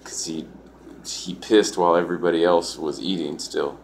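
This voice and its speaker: Speaking at an ordinary pace in a steady tone, this deep-voiced man rambles through a casual story packed with "like" and profanity. A little background noise can be heard.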